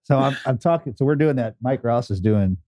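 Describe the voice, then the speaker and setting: A man's voice: medium pitch, lively intonation, a little fast, mellow, no echo. A man co-hosting a podcast, telling rambling stories in casual chat with repeated words. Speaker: podcast co-host.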